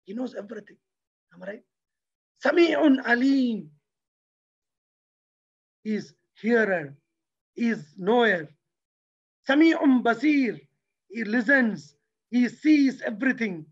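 A man giving a motivational religious talk, lively and preacherly, who keeps asking his audience rhetorical questions. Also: very high-pitched, takes it slowly, long pauses, breathy edge, muffled recording. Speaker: lecturer.

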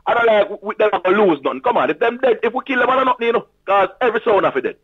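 Jamaican guy rattling off patois quick and husky, sounds like it's over a tinny phone line. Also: sits high, no room sound. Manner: animated patois boasting. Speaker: sound system selector guest. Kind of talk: casual radio chat.

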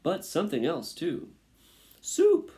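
A man's voice: on the high side, huge pitch swings, slow, vocal fry, darkish tone, pitched above the performer's own voice, exaggerated voice. A man voicing a gleeful, hungry pack of rats in a singsong, taunting way in a storybook reading.

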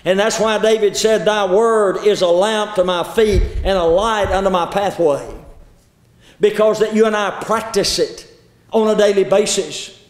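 A man preaches in a folksy storytelling way, with a fairly high voice. He repeats himself and stretches some phrases out slowly. The sound rings around an echoey church hall. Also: fairly even intonation.

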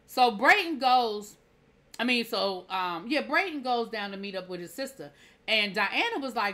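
A woman's voice: on the high side, animated, normal speed, bright, forceful tone. A woman reviewer giving a casual episode recap, opinionated and heated, acting out scenes in quoted dialogue. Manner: opinionated, heated rhetorical asides. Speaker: TV show reviewer.

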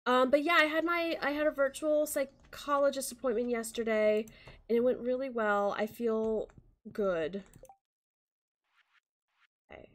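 A woman hosting a casual gaming stream, chatty, with quick bursts of excitement. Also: a little high. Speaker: streamer and channel host.

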